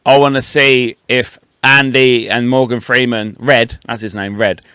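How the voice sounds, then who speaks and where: A man's voice: mid-range voice, fairly even intonation, unhurried, sharp tone, smooth, dry recording, clean studio sound. A man co-hosting a casual podcast chat, blunt and emphatic and swearing. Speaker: podcast co-host.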